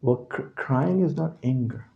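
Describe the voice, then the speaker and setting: A man teaching a class, constantly asking his listeners questions and checking that they understand, his voice jumping from loud to quiet. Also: medium pitch, measured pace, vocal fry, narrow, tinny audio. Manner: animated, swings from loud to quiet. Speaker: religious teacher. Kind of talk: interactive lecture to a class.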